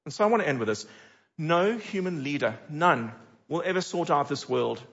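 A man's voice: a little high, moderate pace, gravelly, dull audio. Middle-aged male pastor preaching animatedly. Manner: animated, with dramatic rhetorical questions. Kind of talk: sermon.

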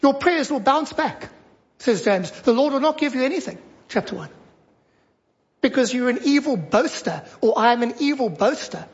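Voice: high voice, expressive, moderate pace. A preacher giving a sermon, emphatic and fond of repeating short phrases for stress. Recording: dull lo-fi recording.

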